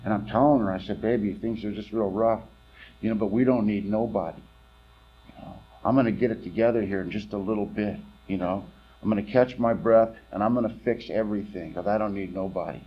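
A man's voice: lowish voice, a little fast, slightly rough. Man telling a raw story, lo-fi. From California. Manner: rambling, candid, wry storytelling with fillers. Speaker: recovery meeting speaker. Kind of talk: personal testimony at a meeting.

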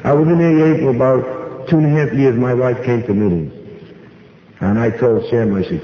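At a meeting, a man gives a personal recovery testimony as a wry, folksy storyteller who acts out dialogue. His medium-pitched voice is animated and moves at normal speed. The recording is dull and lo-fi, with an echoey hall and crowd noise.

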